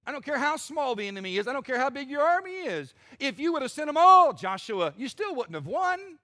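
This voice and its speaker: A man's voice: extremely high pitch, sing-song, fairly quick, sharp tone, voice pushed up, heavily acted. A man voicing God as a blunt, impatient male figure who scolds his leader. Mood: stern.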